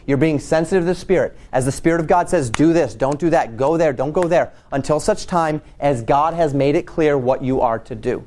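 A man's voice: a little high, darkish tone. A man preaching a sermon in a conversational way, often repeating words as he thinks.

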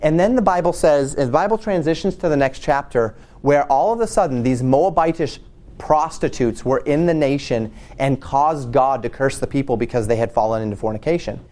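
Male pastor, sermon, conversational storytelling, restarts and repeats, middle pitch. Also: brisk, a little mellow.

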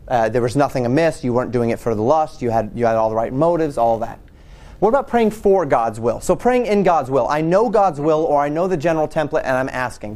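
A man's voice: a little high, a little mellow. A man preaching a sermon in a conversational way, often repeating words as he thinks.

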